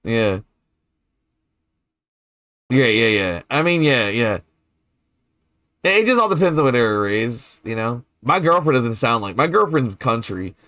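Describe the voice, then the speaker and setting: A man with a New Orleans accent talks loosely over his gameplay, chatty and quick to laugh, with some casual swearing. His voice sits at an ordinary middle pitch. It is recorded close and dry, with no room sound. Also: sing-song, sharp tone, dry recording. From New Orleans, Louisiana. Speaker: game streamer.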